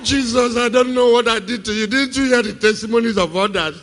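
A man's voice: extremely high pitch, a little fast, fairly bright tone, voice pushed up. A man putting on the voice of a whiny woman believer, who complains and begs God for gifts. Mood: whining pleading. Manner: pleading, complaining, wailing. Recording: reverberant hall.

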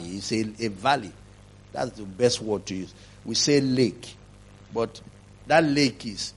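A man preaching a sermon, telling a testimony, swinging from quiet telling to loud, emphatic preaching. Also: slightly rough. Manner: rising to loud emphatic preaching, then dropping low.

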